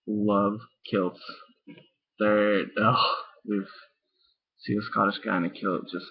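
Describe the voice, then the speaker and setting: A man's voice: on the low side, level tone, slow, husky. Rambling young man on tinny webcam audio. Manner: rambling, many fillers, chuckles. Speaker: vlogger answering viewer questions. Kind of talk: casual chat.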